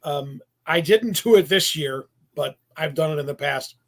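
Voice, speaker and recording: A man's voice: fairly high pitch, lively intonation, normal speed, gravelly. A man who plays Santa, hosting a casual chat and telling stories with self-deprecating asides. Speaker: Santa performer, show host.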